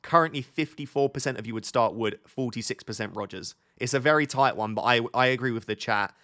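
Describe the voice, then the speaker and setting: A man's voice: mid-range voice, brisk, fairly bright tone. A man chatting casually on a live stream, reading out viewer questions and answering them. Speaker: fantasy football streamer.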